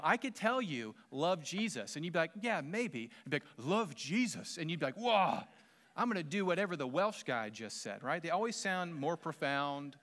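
A man's voice: a little high, fairly bright tone. A pastor in his thirties with a Southern American accent, preaching a sermon in a conversational way with humorous asides to the congregation.

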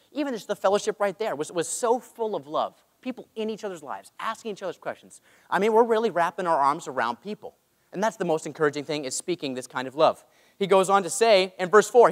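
Animated young male preacher in a hall. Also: sits high. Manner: animated, self-mocking asides. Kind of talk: sermon. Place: large church hall. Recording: long hall reverb.

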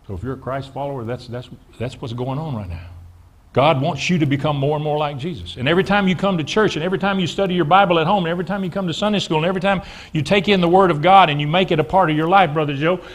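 Pastor preaching with call-and-response. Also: male voice, on the high side, quick pace. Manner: preaches with call-and-response to the congregation, repeats words. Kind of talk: sermon. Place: church sanctuary.

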